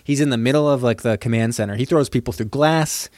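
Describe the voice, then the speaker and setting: A man's voice: medium pitch, fast, a little mellow, dry recording. Laid-back man recapping a movie. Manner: laid-back, rambling, heavy on fillers. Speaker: podcast co-host. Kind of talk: casual chat recapping a film.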